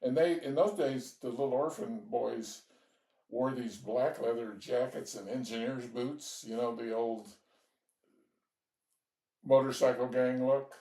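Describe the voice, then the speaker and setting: A man's voice: mid-range voice, fairly even intonation, a little slow, mellow, distant mic. An older man from Georgia telling rambling stories about his youth, with small laughs as he goes. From Georgia, United States. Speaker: interviewee telling his life story. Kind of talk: relaxed storytelling. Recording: echoey room, voice off-mic.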